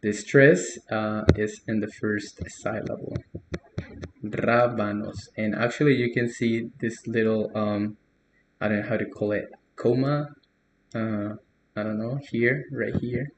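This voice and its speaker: Young guy, going slow over a learner's post, lots of uhs, roomy echo. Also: fairly low pitch, slight background noise. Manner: relaxed, hesitant, many fillers, soft laughs. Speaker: language tutor. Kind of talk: casual correction of a learner's post.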